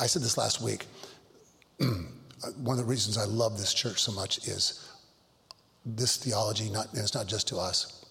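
A middle-aged male pastor telling stories in a Bible study, earnest and halting, with frequent restarts. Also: on the low side, gravelly, a bit bright. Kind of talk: Bible study talk, storytelling. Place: church hall. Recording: long hall reverb.

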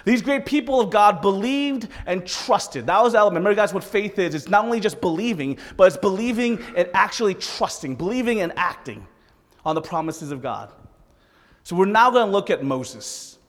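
A man preaching a sermon as pastor, animated and joking in asides to the congregation. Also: sits high, normal speed. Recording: reverberant hall.

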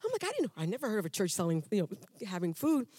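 A woman races through her personal testimony before the congregation in a mid-range voice, restarting sentences and humorously acting out dialogues in an animated, conversational style. The sound is dry and close, without echo.

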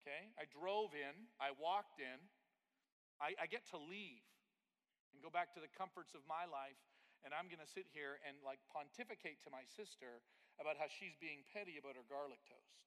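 Guy preaching, telling a story with lots of energy, voice a bit high, big echoey church hall. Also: moderate pace. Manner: storytelling, animated, voices his sister in quotes. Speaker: pastor. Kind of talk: sermon. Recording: long hall reverb.

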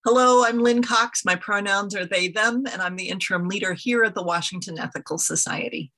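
A woman who leads an ethical society, reading a children's story aloud in a gentle storytelling manner. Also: mid-range voice, brisk. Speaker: interim leader of an ethical society.

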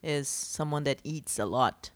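A woman whose first language is Portuguese, co-hosting a podcast in casual chat, playful and quick to giggle. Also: deep voice, dry recording. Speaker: podcast co-host.

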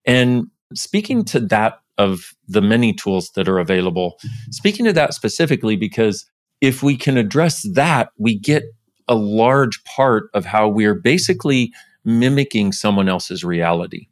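A man speaking as a podcast guest in casual interview talk, animated, pushing his pitch up sharply for emphasis. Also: moderate pace, no room sound, studio quality.

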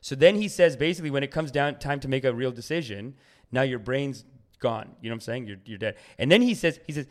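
Fast-talking man in casual chat. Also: mid-range voice. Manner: rapid, animated, says "dude" often. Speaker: podcast guest.

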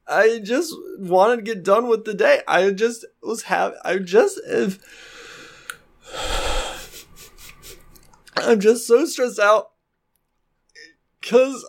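A woman's voice: fairly high pitch, voice pushed up. Woman doing a weepy, stammering young guy, voice swinging all over, tabletop game. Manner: stammering, sobbing and nervous laughter. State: crying. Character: tearful, panicky young man.

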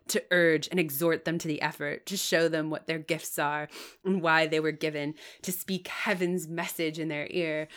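A woman reading aloud as a zealous male clergyman, in a deep, commanding way. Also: a bit bright.

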